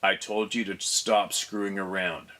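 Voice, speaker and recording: A man's voice: low-pitched, flat delivery, measured pace, pushed and bright. A man reading aloud the curt, cursing lines of an angry old grandfather in a story. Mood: irritated.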